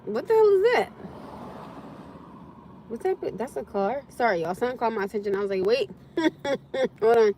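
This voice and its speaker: A woman's voice: fairly high pitch, very animated, moderate pace, pauses often, warm tone, slight background noise. A woman hosting a casual livestream from her phone, reading scripture and thanking viewers, exclaiming and laughing often. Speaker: livestream host.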